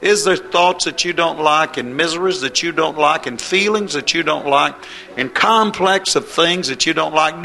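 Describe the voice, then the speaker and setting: A man preaching with an impassioned cadence that swells and falls. His voice is bright and forceful and sits a little high. Faint music plays under him. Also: moderate pace, vocal fry. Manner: impassioned, rising and falling cadence. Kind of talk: sermon.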